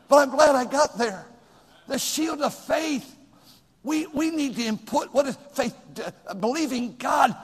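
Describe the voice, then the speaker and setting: Older male pastor, high-pitched, dynamic sermon delivery, big reverberant church sound. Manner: swings from shouting to near-quiet asides. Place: church sanctuary. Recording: long reverb in a large room.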